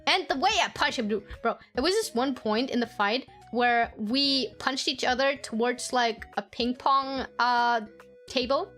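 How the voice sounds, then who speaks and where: A woman with a bright, high voice chats with her stream audience and swaps childhood stories. She curses freely, laughs often and slips into squeaky impressions of her family. Soft music plays underneath. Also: measured pace. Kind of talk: casual storytelling chat with viewers.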